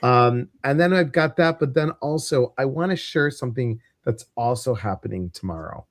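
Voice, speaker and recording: A man's voice: mid-range voice, lively intonation, moderate pace, dry recording, clean studio sound. A man with a Midwestern American accent hosting a casual livestream, chatty and rambling with lots of fillers. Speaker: host.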